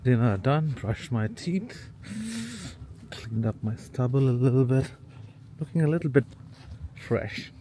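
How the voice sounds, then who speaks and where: A man in his forties chats to a handheld camera during a road trip, joking at his own expense and laughing easily. His voice sits at an ordinary middle pitch. Loud wind and vehicle noise run under everything he says. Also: measured pace, long pauses. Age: 40s. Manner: chatty and self-deprecating, laughs often. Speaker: travel vlogger. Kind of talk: casual vlog talk to camera. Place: outdoors on a road trip, by a van and on hikes.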